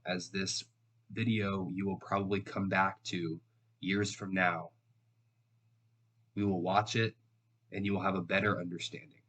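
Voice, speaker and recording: A man with a nasal voice after a recent illness, giving an earnest, measured lesson on trading psychology to camera. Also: low voice, a bit bright. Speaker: trading educator.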